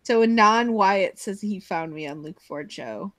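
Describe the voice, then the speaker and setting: A woman's voice: mid-range voice, expressive, measured pace, a bit bright, no echo. A woman hosting a casual live stream chat, rambling and giggly as she jumps between topics, heard over a video call.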